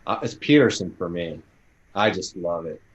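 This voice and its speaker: Low-voiced American man on a dull line. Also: expressive, normal speed. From United States. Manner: rambling, with many fillers and laughs. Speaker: podcast co-host reading listener questions. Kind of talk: casual panel chat.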